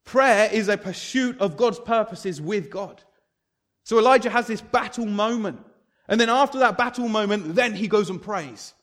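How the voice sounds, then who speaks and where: A man preaching a sermon in a high, light voice. He tells Bible stories with lively energy and acts out each character as he goes. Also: normal speed. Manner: animated storytelling, acts out biblical figures.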